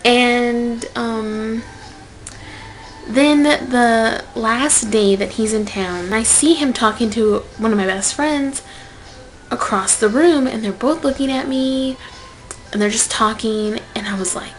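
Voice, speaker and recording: A young woman telling a personal story to camera in a casual vlog, swinging from loud outbursts to whispered asides. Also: on the high side, takes it slowly, soft background music, low-quality recording. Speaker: vlogger.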